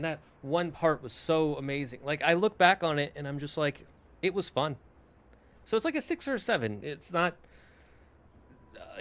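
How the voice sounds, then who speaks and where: Rambling young man chatting on stream. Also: on the high side. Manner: rambling, self-correcting, talks in asides to chat. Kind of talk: casual chat to a live stream.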